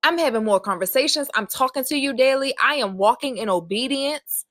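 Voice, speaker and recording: A woman's voice: on the high side, fairly quick, few pauses, fairly bright tone, dry recording, studio quality. A woman hosting her own podcast, talking in a raw, emphatic solo monologue, swearing often and hammering repeated phrases. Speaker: podcast host.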